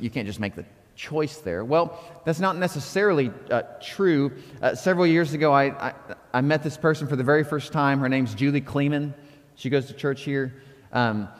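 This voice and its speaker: A man preaching a sermon as pastor, talking conversationally and acting out quoted inner thoughts. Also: medium pitch. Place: church auditorium. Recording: long reverb of a church hall.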